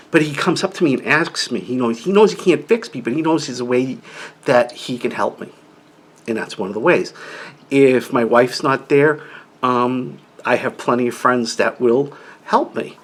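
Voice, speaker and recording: A man's voice: medium pitch, expressive, normal speed, slight background noise. A middle-aged man talking casually about living with an inner-ear condition, rambling and restarting his sentences often. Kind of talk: casual personal talk to camera.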